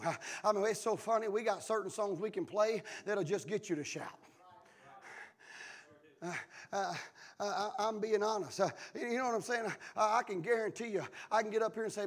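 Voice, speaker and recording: A man pastor preaching a sermon, filling pauses with "uh" and swinging from shouting to near whispers. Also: high-pitched, steady tone. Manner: shouting preacher with many "uh" fillers, swings from yelling to hushed.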